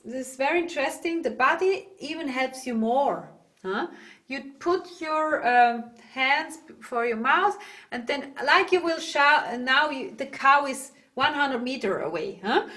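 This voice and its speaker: Swiss German woman, yodel teacher, high voice, slow halting English, loud demo calls. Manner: demonstrates loud yodel calls and dog barks; halting, searches for words. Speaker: yodel instructor. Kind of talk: online singing lesson. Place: home, video call.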